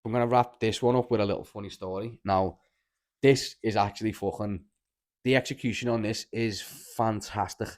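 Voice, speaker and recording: Speaking with a Liverpool accent, a male podcast host tells meandering stories full of swearing in a relaxed chat, using "lad" constantly. His voice is lowish and his tone steady, at a moderate pace.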